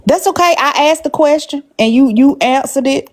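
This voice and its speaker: A woman hosting a live-stream panel, speaking calmly and thoughtfully, with frequent pauses. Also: high voice. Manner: calm, measured, with frequent "um" pauses.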